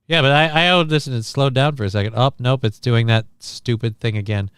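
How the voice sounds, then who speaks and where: A man's voice: mid-range voice, brisk, a bit bright, smooth, no echo, studio quality. A man hosting a casual livestream, reading chat and news aloud in an offhand, profane way. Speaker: livestream host.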